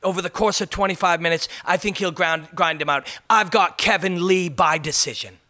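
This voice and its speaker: A man's voice: sits high, bright, forceful tone, voice pushed up. A man doing an impression of a chatty English male fight analyst, in a put-on English accent, giving his pick. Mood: confident. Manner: brisk breakdown of a fight pick.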